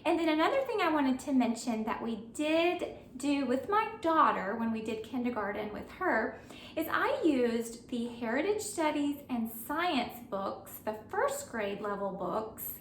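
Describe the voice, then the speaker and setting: High-voiced homeschool mom, roomy sound. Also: female voice, far from the mic, slight background noise. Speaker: homeschool mom reviewing curriculum. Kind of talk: friendly review talk to camera.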